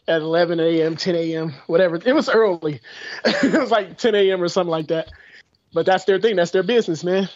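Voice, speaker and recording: High-voiced laughing podcast guy. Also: dry recording, lo-fi sound. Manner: laid-back, laughing storyteller. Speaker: podcast co-host. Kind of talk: casual chat.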